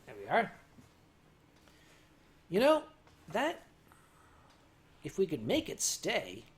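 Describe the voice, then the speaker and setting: A man hosts a laid-back livestream, fielding viewer questions with dry, deadpan humor while sipping sake and getting loose and tipsy. His voice sits high and his delivery is slow.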